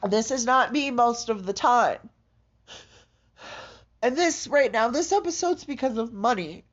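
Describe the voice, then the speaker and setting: A woman in a raw confessional monologue, distraught and halting, swearing heavily and breaking into shaky laughter. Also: fairly high pitch, animated. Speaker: vlogger. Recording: dull lo-fi audio.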